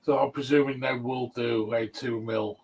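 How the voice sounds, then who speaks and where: A man's voice: medium pitch, steady tone, normal speed, darkish tone, breathy edge, poor audio. Chatty man hosting a casual chat. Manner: laid-back, chatty, laughs often. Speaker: host.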